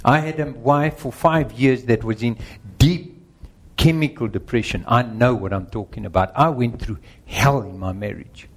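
A man's voice: mid-range voice, moderate pace, breathy edge. A middle-aged man preaching a sermon, earnest and emphatic, working through numbered points and speaking directly to the congregation. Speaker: pastor.

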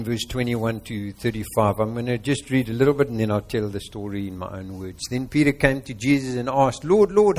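A man with a South African accent preaching a sermon, quizzing his congregation and retelling a parable. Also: mid-range voice.

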